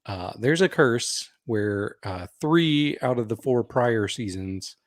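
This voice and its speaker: A man's voice: medium pitch, expressive, slow, dry recording, clean studio sound. A man co-hosting a podcast, talking conversationally about a reality show with hedging fillers and laughs. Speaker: podcast co-host. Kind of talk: casual reality-TV recap chat.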